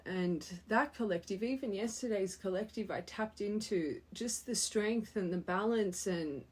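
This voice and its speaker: A young woman with a husky, slightly breathy voice gives a heartfelt tarot reading to her viewers. She talks earnestly and with feeling, repeating key phrases to drive them home. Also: mid-range voice, unhurried. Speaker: tarot reader.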